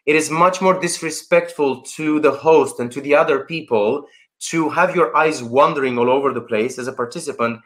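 A man speaks over a video call as a guest coach, his voice bright and forceful. He talks with emphasis, acting out little scenes to make a point. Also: on the high side, moderate pace. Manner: animated, emphatic, acts out anecdotes.

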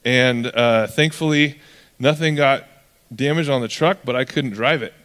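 A man's voice: medium pitch, a little slow, fairly bright tone. A man from California preaching a sermon as pastor, in a casual, joking storytelling manner.

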